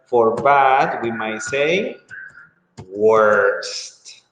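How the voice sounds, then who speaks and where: A man teaching English grammar in an online lesson, speaking slowly and drawing words out, with frequent mm-hmms. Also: fairly low pitch, expressive, a bit bright, a little hiss or hum. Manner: slow, drawn-out, with frequent mm-hmms. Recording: echoey room with long reverb.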